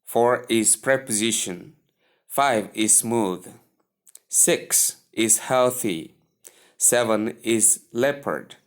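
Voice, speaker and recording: A man with a Nigerian English accent teaching English pronunciation, repeating each word slowly and deliberately. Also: medium pitch. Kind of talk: slow instructional lesson.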